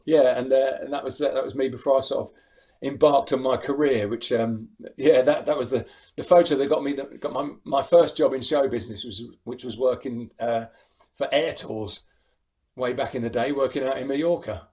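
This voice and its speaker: A middle-aged English man talks casually over a video call, laughing easily and restarting his sentences as he tells stories. His voice sits at an ordinary, middle pitch. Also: fairly even intonation, moderate pace, warm tone. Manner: chatty, laughs often, many restarts. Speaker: impressionist guest. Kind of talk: casual interview chat.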